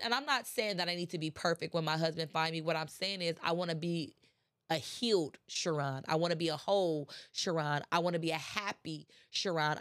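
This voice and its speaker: A woman's voice: lowish voice, fairly bright tone. Congested chatty woman host. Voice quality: congested, nasal. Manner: chatty, rises to impassioned preaching. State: stuffy with allergies. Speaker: podcast host. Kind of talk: casual motivational talk.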